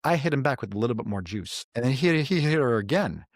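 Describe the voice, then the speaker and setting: A man's voice: mid-range voice, animated, fast talker, no echo, clean studio sound. A middle-aged man hosting a podcast, giving earnest parenting advice in casual chat and telling stories with quoted voices. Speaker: podcast host.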